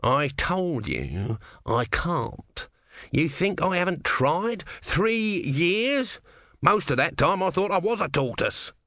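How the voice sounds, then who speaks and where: A man's voice: a little high, big pitch swings, slow pace, pushed and bright, dry recording, studio quality, pitched above the performer's own voice, heavily acted. A man voicing a grumpy tortoise god. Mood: exasperated. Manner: sarcastic, exasperated. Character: grumpy bitter male god stuck as a small tortoise.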